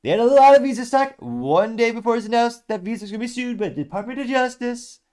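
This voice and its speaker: A man's voice: expressive, quick pace, darkish tone, smooth. A man doing a blustering older politician impression. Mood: boastful. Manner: high, strained, self-admittedly bad impression.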